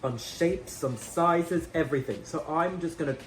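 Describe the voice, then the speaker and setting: A man's voice: a little high, moderate pace, soft background music. A young Australian man doing a chatty drag makeup tutorial, rambling in self-mocking asides. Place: indoor room with a fan.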